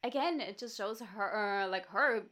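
A woman co-hosting a podcast in casual chat, chiming in with quick, emphatic agreement. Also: medium pitch, a bit bright. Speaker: podcast co-host.

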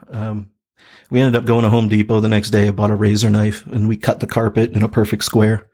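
A podcast co-host in his thirties tells a story in a relaxed, chatty way, full of fillers and laughter. His voice is warm and on the low side.

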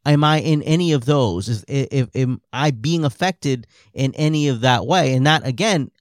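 Man podcast co-host, agreeable, restarts a lot, mid-pitched voice, dry sound. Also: normal speed, no echo. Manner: agreeable, restarts often, tags lines with "right?". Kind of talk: conversational podcast chat.

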